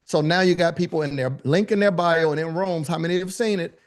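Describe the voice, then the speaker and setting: Lively man coaching a workshop crowd. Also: on the high side, brisk. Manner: animated, joking asides, talks to the room directly. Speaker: business speaking coach. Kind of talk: live workshop teaching.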